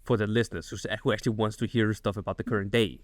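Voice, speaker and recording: A man co-hosting a podcast in casual chat, easygoing and quick to laugh. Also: on the low side, steady tone, dry recording, clean studio sound. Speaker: podcast co-host.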